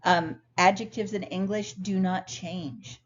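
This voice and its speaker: A woman instructor explaining grammar clearly and patiently in a recorded lecture over slides. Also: mid-range voice, fairly even intonation, measured pace. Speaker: ESL instructor. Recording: dull lo-fi sound, faint noise.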